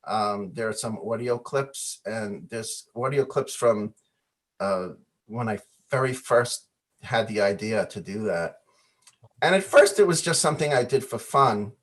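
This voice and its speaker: A man telling stories as a guest on a video call interview, animated, often acting out the voices in his anecdotes and laughing. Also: on the low side, a little slow. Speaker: guest musician.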